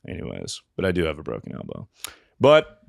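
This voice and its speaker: A man's voice: extremely low pitch, huge pitch swings, fairly quick, creaky, no room sound, clean studio sound. A man hosting a comedy podcast, telling rambling self-mocking stories and swearing often. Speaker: podcast host. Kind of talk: casual comedic storytelling.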